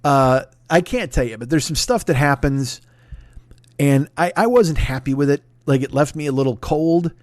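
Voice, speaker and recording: A man's voice: on the high side, normal speed, no room sound, studio quality. Rambling, profane male podcast host. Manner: rambling, self-deprecating, profane asides. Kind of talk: casual solo podcast plugs.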